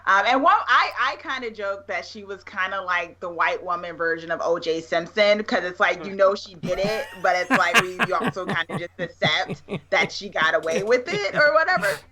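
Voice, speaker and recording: A woman chatting casually on a call, lively and animated, often acting out her own reactions. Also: lowish voice, normal speed, hardly any pauses, a crowd in the background. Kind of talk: casual chat.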